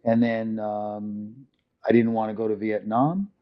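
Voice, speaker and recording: Speaking unhurriedly in a fairly low voice with little pitch movement, the older New Yorker rambles through his story as an interview guest, full of fillers and impressions of people he quotes. He has a New York accent, and the recording is muffled lo-fi.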